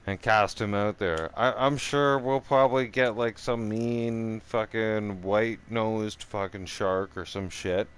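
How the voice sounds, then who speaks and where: Profane rambling man, slow low voice. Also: smooth. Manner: profane, rambling storyteller with many "right?" asides. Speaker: streamer. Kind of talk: casual rambling monologue.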